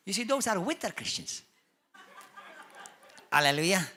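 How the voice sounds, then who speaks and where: A male pastor with a Maltese accent preaches in a church, bright and forceful in tone. He drives his points hard and slips into quick voices for the people he describes. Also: high voice, animated. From Malta. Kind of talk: sermon.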